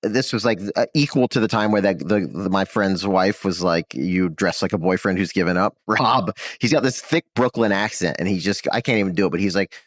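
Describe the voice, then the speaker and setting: A man's voice: on the low side, brisk, few pauses, dry recording, clean studio sound. A man chatting casually as a podcast guest, rambling with lots of fillers and restarts. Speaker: podcast guest, comedy writer. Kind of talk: casual chat.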